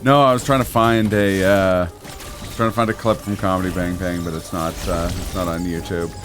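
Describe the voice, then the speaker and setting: A man co-hosting a game livestream, chatting casually and retelling comedy bits with quick jokes. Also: deep voice, music in the background. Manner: animated storytelling, quick jokes and laughter. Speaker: livestream co-host. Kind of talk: casual chat while streaming a game.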